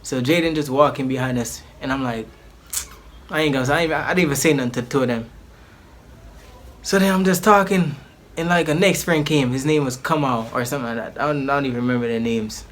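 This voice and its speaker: In a casual vlog, a man tells a personal story, rambling and slangy with many restarts. He is animated and acts out the people in his story, speaking fairly quickly at medium pitch.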